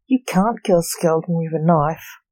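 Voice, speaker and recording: A woman's voice: sits low, moderate pace, a little mellow, no room sound. A woman voicing the Grim Reaper, a mock-menacing male skeleton, in a read-aloud story. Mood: ominous.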